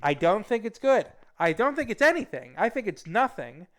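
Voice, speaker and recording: A man's voice: sits high, big pitch swings, normal speed, fairly bright tone. A young man hosting a casual talk show from a VR chat space, rambling and joking through silly made-up scenarios. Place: VR chat room, at home.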